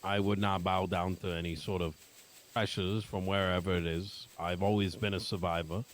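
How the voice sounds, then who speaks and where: A man's voice: sits low, little pitch movement, normal speed, a little hiss or hum. A man playing a character in an online roleplay game, blunt, profane and confrontational in an argument.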